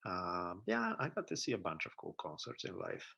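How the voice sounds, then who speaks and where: A man's voice: sits low, huge pitch swings, normal speed, gravelly, sharp tone, muffled recording, slight background noise. A man in his forties with a heavy Italian accent, a podcast guest chatting casually and telling stories with blunt, profane asides. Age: 40s. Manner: laid-back, profane storytelling with acted-out quotes. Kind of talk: casual chat.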